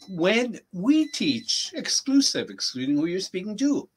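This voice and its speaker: A man teaching a language lesson, saying phrases slowly and carefully and then explaining them in English. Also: high voice, very animated, breathy edge.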